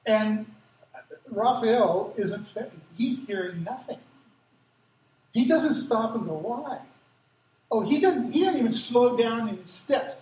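A man who grew up in Africa, preaching a sermon with lively personal stories and acted-out quotes, as a pastor. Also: very high-pitched, takes it slowly, pauses often, slight background noise. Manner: lively storytelling, acts out quotes. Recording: echoey hall from far off, faint ambience.

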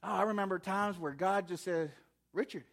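A man preaching a sermon, impassioned, often repeating words and climbing higher and louder as he quotes God. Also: fairly even intonation, a little fast, gravelly. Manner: impassioned, repeats words, rising to shouts when quoting God.

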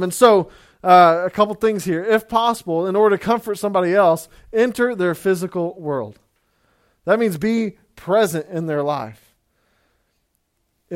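A man with a high voice delivers a sermon in a relaxed, chatty way. He talks to his listeners like a friend, sprinkling in fillers and the word "man". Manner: conversational, many fillers, says "man" often. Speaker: pastor. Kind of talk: casual sermon.

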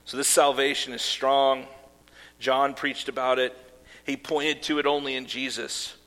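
A man's voice: mid-range voice, flat delivery, measured pace, pushed and bright. A man preaching a sermon as pastor, earnest, with casual asides and fillers. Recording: long hall reverb.

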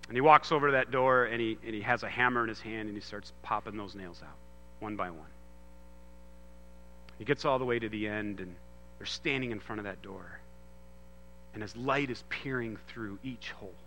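A man in his thirties giving an earnest sermon, moving from loud emphasis to hushed storytelling. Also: lowish voice, moderate pace, pauses often, big-room sound, a little hiss or hum. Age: 30s. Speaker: pastor.

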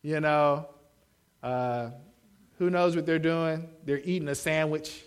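Animated young male preacher. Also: a little high, slow, clean tone. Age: young adult. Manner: animated, acts out shouted quotes. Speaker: pastor. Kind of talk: sermon.

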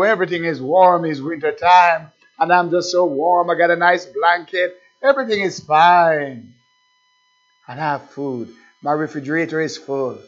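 A man's voice: a little high, dull audio, close to an everyday voice. A male preacher voicing a smug, self-satisfied man who gloats over his comfort. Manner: gloating, laughing at himself in satisfaction.

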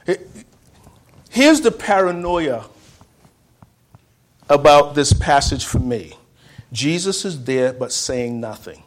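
A man preaching a sermon in a church, repeating phrases and calling on the congregation to respond, swinging from loud outbursts to hushed words. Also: medium pitch, animated, slow, long pauses.

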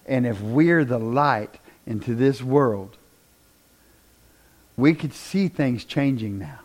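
Taking it slowly in a mid-range voice, a man preaches to a congregation, telling stories and finally closing in prayer. He's animated, playing out the people he quotes and joking with those in the room.

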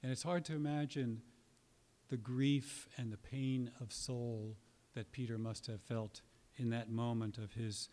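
Male preacher, mid-pitched voice, earnest and emphatic, sermon delivery with dramatic pauses. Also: steady tone, darkish tone.

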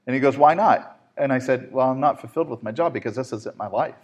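A man hosting a faith-based talk show, telling a story in a lively way with frequent fillers. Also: medium pitch, fast. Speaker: host.

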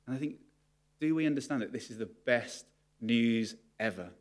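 A man's voice: mid-range voice, animated, moderate pace. A man preaching a sermon to his congregation, candid and confessional about his own struggles. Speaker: pastor.

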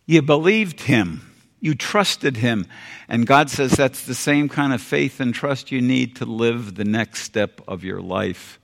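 An older American man preaching a sermon, earnest and folksy, repeating phrases and dropping suddenly quiet for emphasis. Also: medium pitch, lively intonation, takes it slowly, creaky. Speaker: pastor. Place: church sanctuary. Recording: long hall reverb.

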